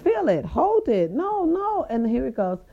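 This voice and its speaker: A woman hosting a podcast, telling a story in a casual, sassy way and swooping her voice up high for emphasis. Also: very animated, a little slow, gravelly, dull audio. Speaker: podcast host.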